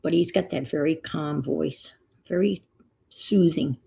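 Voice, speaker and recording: A woman's voice: low voice, unhurried, vocal fry, dark tone, slightly rough. A middle-aged woman chatting casually as she crafts on a stream, telling rambling stories. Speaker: crafting vlogger.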